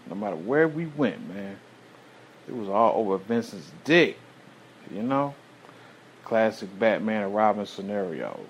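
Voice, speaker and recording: A man with a fairly low voice hosts his own show, telling a rambling personal story in a profane monologue. He's loose and slang-heavy, swearing constantly and letting out drawn-out sighs between thoughts, with a little hiss or hum on the audio.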